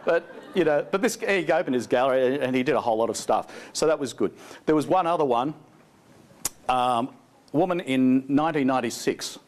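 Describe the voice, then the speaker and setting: A man's voice: fairly high pitch, fairly quick. A man presenting a live seminar, a chatty, jokey storyteller who laughs often and asks the audience questions. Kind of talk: live seminar talk with anecdotes. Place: seminar hall before an audience.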